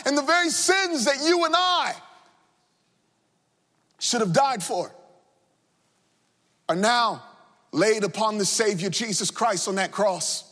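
A man preaching a sermon with impassioned delivery, sung cadences and shouted refrains. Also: sits high, expressive, slow pace, pauses often. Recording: long hall reverb.

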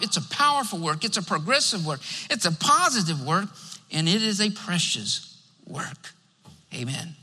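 A male preacher with a strikingly high, very bright voice delivers a sermon, stacking up numbered points and punctuating them with amens. His voice carries a long reverb, as if spoken in a large church sanctuary. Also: husky. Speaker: pastor.

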